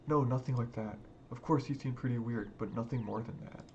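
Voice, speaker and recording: A man's voice: medium pitch, brisk, darkish tone, dull audio, a little hiss or hum, lightly acted. A man voicing a puzzled young camper. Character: puzzled young male camp newcomer, wary.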